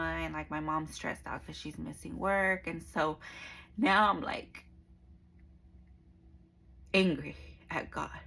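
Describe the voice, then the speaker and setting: A woman's voice: low-pitched, vocal fry, a bit bright, a little hiss or hum, low-quality recording. A young woman telling her personal faith testimony in a casual, conversational way, full of fillers and acted-out dialogue. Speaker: speaker giving a personal testimony.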